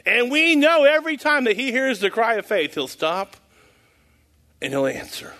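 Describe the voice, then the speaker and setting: A man's voice: high voice, pushed and bright. A man giving an informal sermon in a folksy, rambling way, chuckling at his own jokes. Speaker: preacher.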